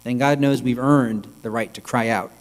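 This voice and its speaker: Man rabbi giving a thoughtful sermon, mid pitch, echoey sanctuary, some hum. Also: fairly even intonation. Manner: reflective, measured, with pauses. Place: synagogue sanctuary. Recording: long reverb with mains hum.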